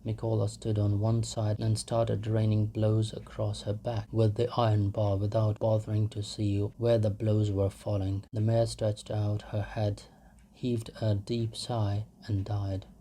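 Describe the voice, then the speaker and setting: A man reading a classic novel aloud in a slow, measured way, phrase by phrase. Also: lowish voice, monotone, warm tone, slightly rough. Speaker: reader. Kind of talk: literary audiobook reading.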